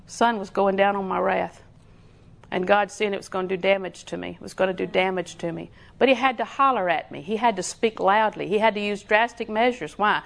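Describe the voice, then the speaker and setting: A woman's voice: mid-range voice, a little fast, gravelly. A middle-aged woman, preaching a sermon in a folksy, storytelling way with lots of repetition.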